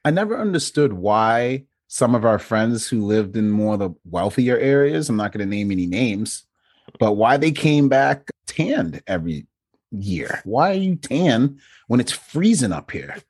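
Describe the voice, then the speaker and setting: A man's voice: medium pitch, very animated, unhurried, a little mellow, dry recording, clean studio sound. Laid-back, chummy man from Maine. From Maine, USA. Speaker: podcast co-host, remote work consultant. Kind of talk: casual podcast chat.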